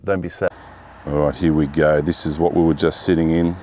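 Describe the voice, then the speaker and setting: A man's voice: a bass voice, level tone, a little fast, dark tone, slight background noise. A man, chatting casually to the camera as he parks his car and films it, self-deprecating and talking to himself. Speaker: car vlogger. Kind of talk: casual vlog narration. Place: in a parked car, then outside beside it. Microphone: handheld camera.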